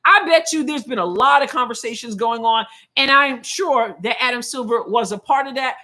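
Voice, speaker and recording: Here a woman hosts a live watch-along of a game, her voice slightly high and sharp-toned, moving at a normal speed. Opinionated and chatty, she narrates plays as they happen, reads comments from viewers aloud, and tosses in running play-by-play remarks.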